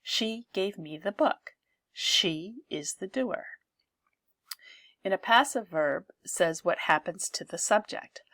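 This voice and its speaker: A woman teaching an English grammar lesson, explaining clearly and repeating example sentences. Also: medium pitch, expressive, takes it slowly, fairly bright tone, no echo.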